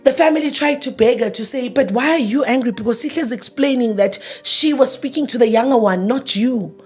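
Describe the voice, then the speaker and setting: A woman in her thirties speaks in a high, husky voice as she recounts her grief in an interview. She is emotional and repeats herself, acting out past arguments as quoted dialogue. Soft music plays faintly behind her. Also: brisk. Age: 30s. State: grieving. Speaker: interview guest. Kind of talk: personal storytelling interview.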